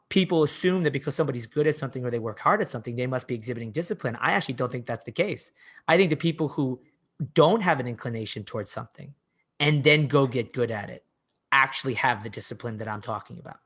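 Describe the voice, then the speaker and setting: A man in his forties, a coach, tells stories from his work on a podcast. He talks in a loose, animated way, full of "like" and restarted sentences. His voice sits in an ordinary middle pitch. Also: slightly rough. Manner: animated storyteller, heavy use of "like", frequent restarts. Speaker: fitness coach, podcast guest. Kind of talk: casual conversational storytelling.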